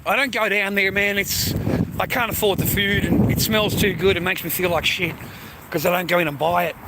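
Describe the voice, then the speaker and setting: An Australian man strolls while chatting to his phone in a loose, rambling vlog monologue, swearing freely and calling people mate and bro. His high voice is fairly even in intonation and fairly quick. Background noise is present.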